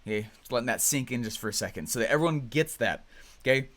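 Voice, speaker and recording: A young man coaching course members with lively energy, now and then acting out excited and angry clients. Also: medium pitch, fast talker.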